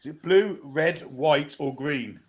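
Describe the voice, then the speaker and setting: A North East English man reads out multiple-choice football questions in a fairly high voice. He answers wrong guesses in a dry, teasing way. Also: slow pace, husky. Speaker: co-host asking quiz questions. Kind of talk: reading quiz questions.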